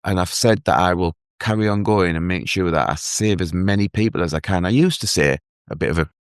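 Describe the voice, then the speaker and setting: Deep guy telling his story in an interview, earnest, lots of restarts, dry sound. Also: clear, resonant tone, no echo. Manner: earnest, halting, with many restarts. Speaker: guest, mental health advocate. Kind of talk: emotional personal story in an interview.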